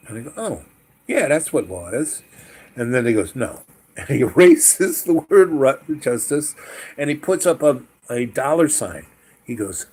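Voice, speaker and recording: Older guy in his 60s rambling through a childhood story, lots of ums, voice drops off, middle pitch. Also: slow. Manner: meandering, heavy on "um" and "you know", trailing off quietly. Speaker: storyteller host.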